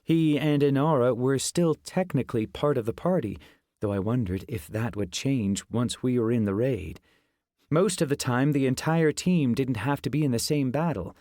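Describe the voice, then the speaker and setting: A man narrating a fantasy audiobook in the first person, with steady, even storytelling. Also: mid-range voice, normal speed, dry recording, studio quality.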